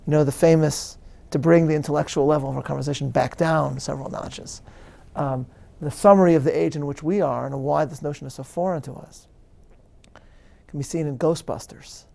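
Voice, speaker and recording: A man, a rabbi answering questions at a live interview, speaking in an earnest, measured lecture style with emphatic stresses and frequent restarts. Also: on the high side, fairly even intonation, creaky, a little mellow.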